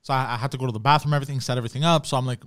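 A man telling a story in a relaxed, casual chat, laughing along as he goes. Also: medium pitch, racing, no echo, studio quality. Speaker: podcast co-host.

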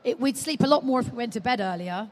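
Lively woman telling stories. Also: a little high, fast. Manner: animated storytelling, acting out quotes. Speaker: guest, mother of a baby. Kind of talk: live podcast chat. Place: live stage at a large exhibition hall. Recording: long reverb of a large hall.

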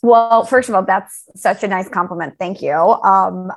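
A woman co-hosting a podcast, telling a story in a chatty, animated way with quoted dialogue. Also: mid-range voice, measured pace, creaky. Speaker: podcast co-host. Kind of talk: casual storytelling chat.

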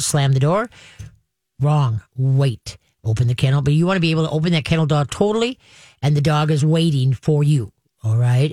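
A woman's voice: deep voice, a little mellow, dry recording, clean studio sound. A woman hosting a call-in radio show as a dog trainer, giving practical step-by-step advice in an upbeat way, often checking in with "okay". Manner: upbeat, practical, talks through steps with "okay".

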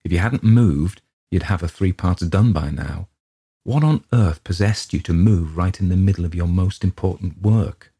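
A man's voice: low-pitched, moderate pace, mellow, slightly rough. A man voicing a blunt, earnest woman who scolds a literary friend, speaking pointedly. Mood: exasperated.

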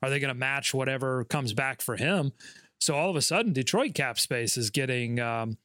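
Bright-voiced man. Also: mid-range voice, dry recording, clean studio sound. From North Carolina. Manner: measured, skeptical, joking. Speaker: podcast co-host. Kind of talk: casual sports talk.

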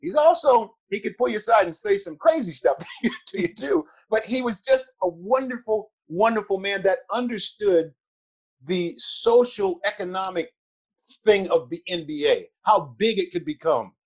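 An older man's voice sits notably high for a man. He tells stories as an interview guest, chuckling often and circling back on his words when he gets moved. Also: expressive, moderate pace, breathy edge. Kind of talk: animated storytelling.

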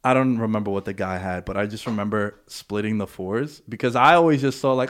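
A man's voice: lowish voice, quick pace, hardly any pauses. A young man hosting a podcast, telling casual stories with laid-back slang. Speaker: podcast host. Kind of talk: casual chat.

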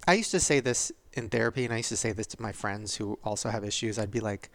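A man's voice: lowish voice, quick pace, few pauses, a bit bright, no room sound. A man in his thirties hosting a podcast, speaking candidly and vulnerably, tearful and laughing through it. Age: 30s. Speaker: podcast host. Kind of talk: confessional podcast monologue.

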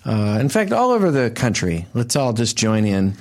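A man's voice: medium pitch, big pitch swings, normal speed. A man hosting a comedy podcast, rambling and hesitant with many ums in casual banter.

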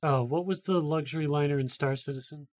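A man's voice: on the high side, a little fast, a little mellow, slight background noise. A man co-hosting a podcast in casual chat, wry and teasing. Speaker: podcast co-host.

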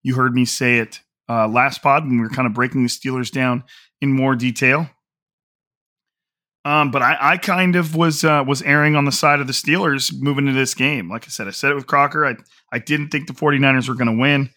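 A man hosting a sports podcast with a hoarse, strained voice, talking casually and rambling with frequent restarts. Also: mid-range voice, fairly even intonation, a little fast, pushed and bright, no room sound, clean studio sound. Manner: rambling, many restarts and fillers. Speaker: podcast host. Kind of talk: casual solo podcast talk.

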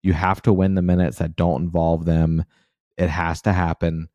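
Brief: male podcast co-host, very low dark voice, hyped and loose, dry close mic. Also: level tone, moderate pace, no echo, lo-fi sound. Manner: fired up, casual slang, many fillers. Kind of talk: animated sports podcast chat.

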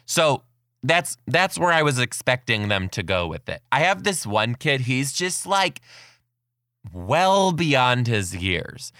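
A man hosting his podcast and telling classroom stories as a kindergarten teacher, chatty and excitable, laughing often. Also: medium pitch, no room sound, clean studio sound. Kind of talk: casual storytelling monologue.

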